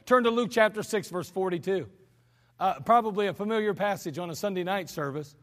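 A man's voice: high voice, a little fast. A man preaching an earnest, conversational sermon with humorous asides in a church service. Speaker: pastor. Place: church sanctuary. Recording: archived church service with long hall reverb.

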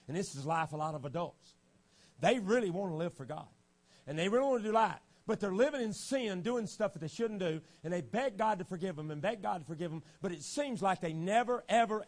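A man preaching a revival sermon in a church, folksy and animated, acting out little stories as he goes. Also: high-pitched. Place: church sanctuary.

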